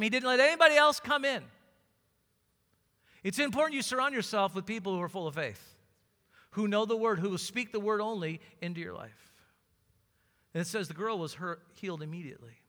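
A man's voice: high-pitched, animated, normal speed, long pauses, sharp tone, in a large hall. A man preaching a sermon as pastor, building fervor and acting out scripture scenes.

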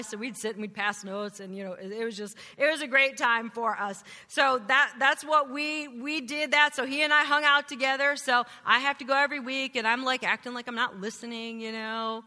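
A woman's voice: sits high, sharp tone, long reverb tail. A woman giving a personal testimony to a church congregation, telling her story with animation and acting out her younger self. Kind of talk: testimony sermon.

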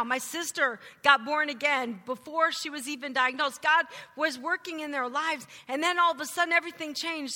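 Bright-voiced woman giving testimony. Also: high-pitched, long reverb tail. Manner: animated storytelling, acting out her teenage self. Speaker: speaker giving a church testimony. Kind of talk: testimony sermon.

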